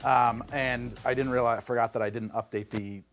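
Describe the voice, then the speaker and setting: A man's voice: medium pitch, a little fast, soft background music. A middle-aged man with a New Jersey accent, hosting a rambling, jokey live stream from his home bar and reading out chat comments. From New Jersey, USA. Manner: rambling, animated, jokey asides. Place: home bar and lab room.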